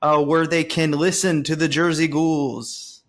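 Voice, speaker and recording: A man's voice: fairly high pitch, level tone, a little slow, fairly bright tone. A man hosting a podcast in casual chat, jokey, laughing as he retells movie scenes. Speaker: podcast host.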